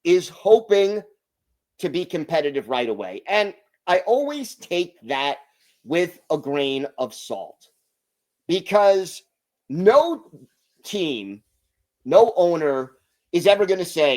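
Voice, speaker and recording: A male podcast host breaks down hockey news in an emphatic, deliberate way. His voice sits a little high, and he talks at an unhurried pace. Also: big pitch swings, darkish tone. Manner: emphatic, deliberate opinion talk.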